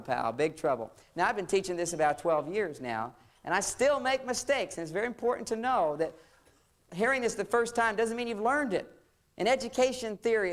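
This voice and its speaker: A man, a psychologist, giving a humorous seminar talk on relationships in short, punchy phrases. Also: high-pitched. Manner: playful, acts out bits of dialogue in short phrases.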